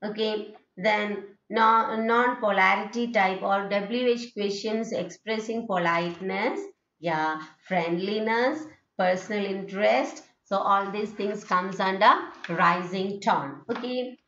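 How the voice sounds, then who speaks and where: A woman's voice: medium pitch, slow pace, fairly bright tone, a little hiss or hum. A woman teacher explaining English intonation in a lesson, often saying "okay" and reading out examples. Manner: explanatory, frequent "okay" fillers, reads examples aloud. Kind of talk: lecture on intonation. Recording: echoey room, dull lo-fi sound.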